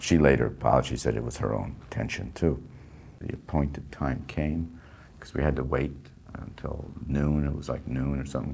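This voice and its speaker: In a rumbling low, gravelly voice that is darkish and slightly rough, the older man reminisces about acting in a film. He drifts as he talks, cutting off his own sentences with small chuckles.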